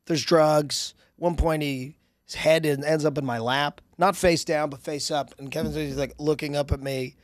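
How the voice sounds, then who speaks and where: A man's voice: on the high side, fairly even intonation, moderate pace, no room sound, studio quality. A man in his thirties, a comedian guest, telling a long personal anecdote in casual podcast chat and swearing freely.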